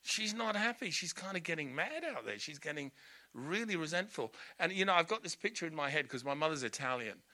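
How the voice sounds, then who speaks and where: A male preacher delivers a storytelling sermon full of humorous asides. His voice sits fairly high and swings widely as he talks. The tone is very bright and forceful. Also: brisk. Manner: animated, storytelling, laughing asides.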